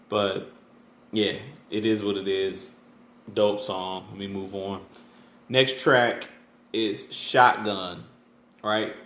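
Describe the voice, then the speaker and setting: A man's voice: fairly low pitch, fairly bright tone. A man hosting his channel, chatting casually through an album track by track, loose and full of fillers and restarts. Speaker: music reviewer, channel host. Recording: echoey room with faint background noise.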